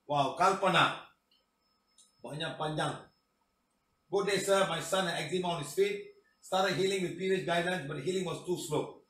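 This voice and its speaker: Malaysian English male healer, high-pitched, emphatic and preachy, miked from a distance in an echoey room. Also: moderate pace, pauses often, fairly bright tone. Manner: emphatic, preachy, tag questions. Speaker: spiritual healing teacher. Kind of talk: reading and commenting on testimonials.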